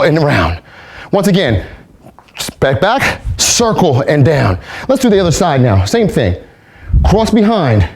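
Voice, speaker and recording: Demonstrating kung fu movements, a man with a slightly high voice walks through the steps calmly and shouts out the counts.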